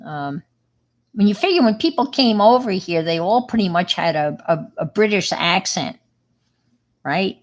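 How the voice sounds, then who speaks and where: A woman's voice: medium pitch, expressive, unhurried. A middle-aged woman with a New York accent, chatting casually with viewers on her livestream, rambling with lots of fillers and restarts. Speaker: livestream host.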